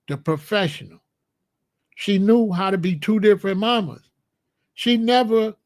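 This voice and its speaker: Man, high voice, dry close sound, blunt and scolding commentator delivering an opinion monologue. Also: no echo. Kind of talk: opinionated monologue to a live chat.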